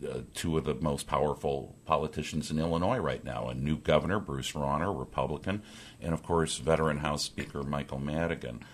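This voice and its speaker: A man hosting a political radio talk show from a statehouse press room, rambling with many fillers and restarts. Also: rumbling low.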